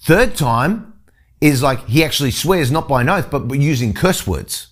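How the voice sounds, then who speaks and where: A Bible teacher with a medium-pitched, expressive voice reads a passage of scripture at normal speed, then explains it. His teaching is earnest, and he often starts his sentences over.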